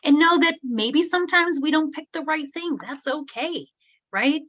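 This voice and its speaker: A middle-aged woman delivers a webinar keynote in an earnest, conversational way. Her voice sits a little on the high side. She keeps checking in with her listeners. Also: lively intonation, moderate pace, fairly bright tone. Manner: earnest, conversational, tag questions. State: teary-eyed. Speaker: keynote speaker.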